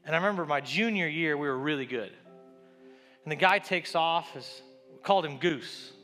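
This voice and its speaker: A man preaching a sermon, telling a story and building to a loud, repeated call with rising refrains. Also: on the high side, normal speed, soft background music.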